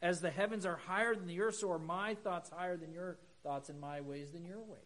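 A middle-aged man preaching a sermon, easy and conversational, dropping in humorous asides before climbing to emphatic points. His voice sits a little above the usual male pitch. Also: fairly quick, fairly bright tone, poor audio. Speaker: pastor.

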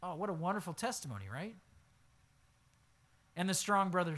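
A man preaching a sermon as pastor, reading scripture aloud and then explaining it, swinging from low asides to loud emphatic exclamations. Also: big pitch swings, normal speed, pauses often. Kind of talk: expository sermon.

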